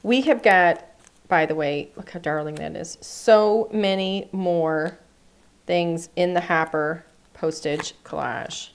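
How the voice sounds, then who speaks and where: A woman's voice: fairly low pitch, slow, clean tone. A woman hosting a live craft class, chatting enthusiastically and thinking aloud as she works. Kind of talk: live-streamed craft demonstration. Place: craft studio.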